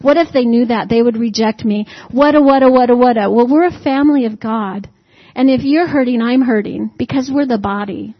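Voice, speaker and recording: A woman's voice: a little high, brisk. A woman preaching a sermon in a conversational, folksy way, peppering it with rhetorical questions to the congregation and humorous asides. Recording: dull lo-fi recording.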